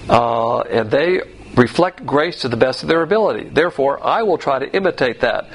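A man's voice: medium pitch, lively intonation, normal speed, a little hiss or hum. A man teaching Bible doctrine as a pastor, blunt and combative, mocking other churches as he goes.

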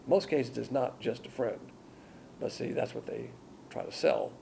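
A man with a heavily gravelly, mellow voice teaches a verse-by-verse Bible lecture. He is blunt and wanders off into side topics, reading scripture more loudly than his asides. Faint room ambience sits behind him. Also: mid-range voice, measured pace, slight background noise.

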